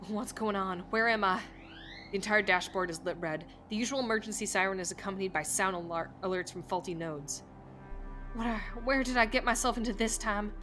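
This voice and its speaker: Faint music plays behind a woman streamer whose mid-range voice is brisk and sharp-toned. She reads the game's narration and dialogue aloud live, laughing and cursing at the plot.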